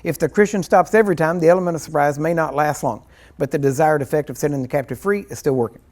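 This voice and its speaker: A man's voice: a little high, quick pace, a little mellow. A man teaching a ministry class in a loose, rambling, conversational way, acting out little scenes and chuckling as he goes. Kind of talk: informal teaching sermon.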